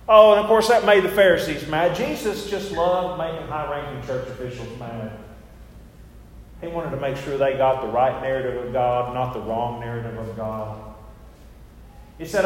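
A man's voice: medium pitch, steady tone, normal speed. A male pastor giving a chatty, storytelling sermon with self-mocking asides. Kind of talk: conversational sermon. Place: church sanctuary. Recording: echoey church hall with faint noise.

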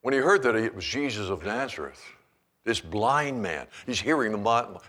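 A man pastor preaching a sermon in an animated storytelling manner, acting out scenes as he goes. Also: lowish voice, normal speed.

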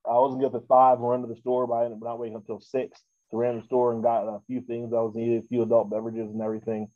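A man's voice: medium pitch, completely flat delivery, quick pace, dark tone, no echo, lo-fi sound. A man hosting a casual podcast, rambling with many fillers and restarts. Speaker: podcast host.

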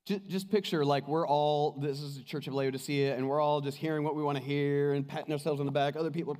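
Man, pastor, high voice, impassioned sermon, loud and hushed by turns, long hall reverb. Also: brisk.

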